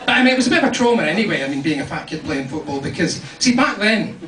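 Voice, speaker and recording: A man's voice: sits high, big pitch swings, rapid-fire. A young man from Scotland with a partly English accent, telling wry, self-deprecating stand-up stories in a comedy club. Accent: English with some Scottish. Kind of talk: stand-up set. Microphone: pocket camera in the audience. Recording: roomy, distant club recording with crowd noise. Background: audience laughter.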